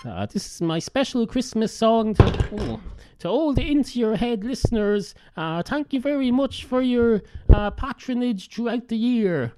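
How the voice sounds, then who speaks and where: A hoarse man hosting his podcast alone, rambling in a deadpan way with constant filler sounds. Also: very high-pitched, unhurried. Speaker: podcast host. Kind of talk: rambling solo monologue.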